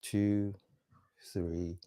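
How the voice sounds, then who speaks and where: Male instructor, mellow voice, calm step-by-step cues, whispers breathing lines. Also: fairly low pitch, drawn-out words, clear, resonant tone. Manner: drops to a soft whisper for breathing phrases. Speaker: mindfulness exercise instructor. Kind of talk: guided movement and breathing class.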